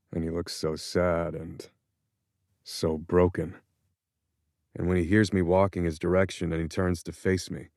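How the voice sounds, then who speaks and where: A man narrating a first-person audiobook in a measured, introspective way, close to a studio mic. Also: low voice, darkish tone, no room sound.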